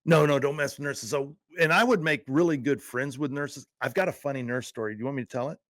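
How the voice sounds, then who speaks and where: A man's voice: mid-range voice, quick pace, a bit bright, no room sound, studio quality. A middle-aged man and former patrol officer from Texas, co-hosting a casual podcast and telling stories in a laid-back way with easy laughter.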